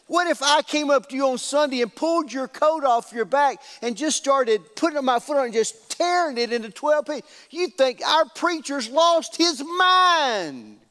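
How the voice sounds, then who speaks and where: A man's voice: very high-pitched, expressive, normal speed, hardly any pauses, pushed and bright, voice pushed up, full character voice. Man doing a stammering young man, flustered, mumbling, sheepish, echoey hall. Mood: incredulous. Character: flustered young man showing off new suit.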